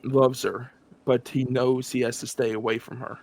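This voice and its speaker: A man's voice: mid-range voice, normal speed. Man co-hosting a horror podcast. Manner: animated retelling, acts out scenes with laughs. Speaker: podcast co-host. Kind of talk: casual movie review chat.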